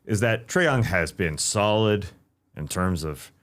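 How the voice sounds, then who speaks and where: A Canadian man co-hosts a casual sports podcast. His voice is low and he talks haltingly, restarting and repeating words. His delivery is relaxed. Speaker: podcast co-host.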